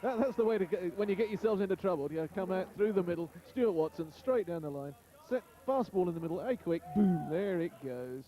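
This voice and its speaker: A male expert co-commentator with a slightly raised voice, talking quickly. He explains calls and tactics in a plain, matter-of-fact way. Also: high-pitched, expressive, mellow. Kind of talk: sports analysis commentary.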